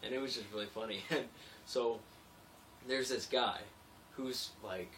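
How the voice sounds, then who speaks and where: A man's voice: medium pitch, a little slow, fairly bright tone, far from the mic, slight background noise. A young man who works in construction, rambling chattily in a late-night video diary and laughing easily. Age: young adult. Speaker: construction worker.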